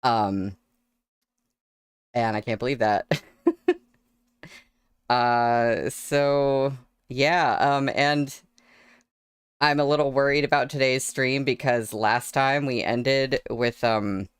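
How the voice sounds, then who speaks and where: Chatty, giggly woman on a smooth dry mic. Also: rumbling low, fairly even intonation, slow pace, pauses often, no echo. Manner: chatty, laughs often between words. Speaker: streamer reading novels aloud. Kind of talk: casual livestream chat. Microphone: desk microphone.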